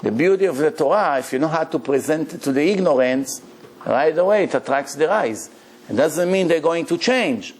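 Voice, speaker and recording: A man delivers a Torah lecture as a rabbi, with a voice pitched a little high for a man. He tells stories with energy and keeps asking his listeners questions. His English has the grammar slips of someone who did not learn it first. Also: normal speed. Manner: animated storytelling with rhetorical questions; non-native English grammar.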